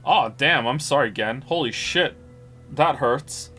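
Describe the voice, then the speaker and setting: A male streamer talks casually over a story game, reacting wryly as he goes. His voice sits at an ordinary pitch, and game music plays faintly behind him. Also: slow pace, pushed and bright. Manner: wry, reactive. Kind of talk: casual gaming commentary.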